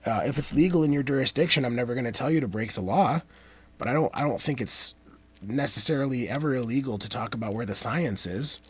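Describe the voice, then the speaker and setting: A man who breaks down song lyrics in a casual monologue. He is animated and wanders off on tangents, swinging between emphatic peaks and quiet asides. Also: mid-range voice, quick pace, breathy edge. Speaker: commentator breaking down rap lyrics.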